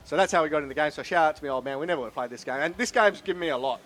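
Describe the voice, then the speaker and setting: A man giving a halting, tearful thank-you speech after winning a tournament, close to crying and swearing now and then. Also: fairly high pitch, a bit bright. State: emotional, close to tears. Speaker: tournament winner. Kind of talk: emotional post-match thank-you speech. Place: tournament venue.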